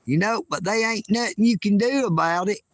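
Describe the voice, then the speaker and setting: A man's voice: high voice, brisk, dry recording. A man from Georgia with a Southern accent, live-streaming outdoors at a lakeside park and chatting in a folksy, boastful way, teasing his viewers. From Georgia, United States. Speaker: livestream host. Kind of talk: casual outdoor livestream chat.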